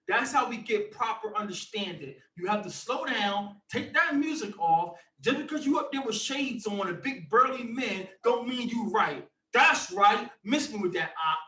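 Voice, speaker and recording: A high, bright male voice leads a Bible study with forceful, animated preaching. He is heard from some distance in an echoey room. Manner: animated, emphatic, sometimes shouting. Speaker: Bible teacher.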